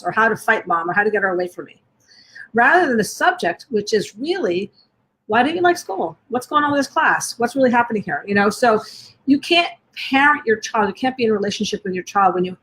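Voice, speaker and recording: A woman giving a live-streamed talk to parents as a parenting coach. She speaks gently, asks many questions in a row, and often restarts and rephrases mid-sentence. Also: medium pitch.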